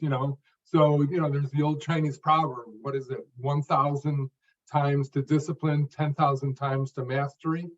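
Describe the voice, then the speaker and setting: A stuttering coach, a guest aged 50 or older, gives an interview answer about his method and how he came to speak. His fairly high voice moves in distinct phrases, each with emphasis on a word near the end, captured by a distant mic in a muffled recording.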